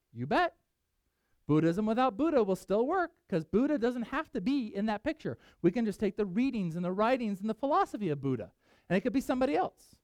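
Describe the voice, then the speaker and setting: A man preaching a sermon to a congregation in a church, talking in an emphatic, animated, conversational way. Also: high-pitched, no room sound. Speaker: pastor.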